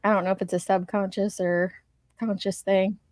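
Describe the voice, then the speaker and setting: A woman's voice: medium pitch, level tone, moderate pace, darkish tone, dry recording. A woman hosting a live stream discussion, thinking aloud in a rambling, casual way over a video call. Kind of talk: casual chat.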